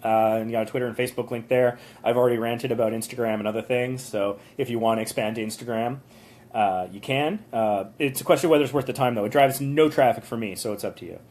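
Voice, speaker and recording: A man's voice: mid-range voice, fairly even intonation, quick pace, a little mellow. A man hosting a live stream from a motel room on his phone, chatting loosely through viewers' channel reviews with lots of ums and the odd rant. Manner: chatty, rambling, with frequent ums and small rants. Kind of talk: casual live-stream commentary.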